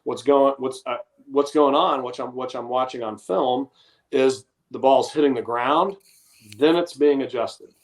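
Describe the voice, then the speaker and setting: A man's voice: mid-range voice, a little slow. A man in his thirties, a guest in a casual sports chat, explaining technique in a frank, self-deprecating way. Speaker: guest, former punter.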